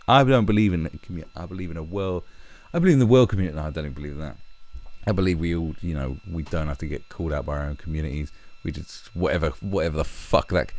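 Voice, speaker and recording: A man ranting profanely as a stream commentator, with animated, exasperated outbursts. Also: low-pitched, no room sound.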